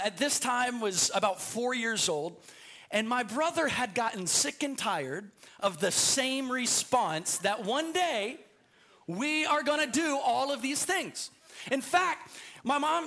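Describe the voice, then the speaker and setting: High bright-voiced man preaching. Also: unhurried. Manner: storytelling, stammering restarts. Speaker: pastor. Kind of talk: sermon. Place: church sanctuary.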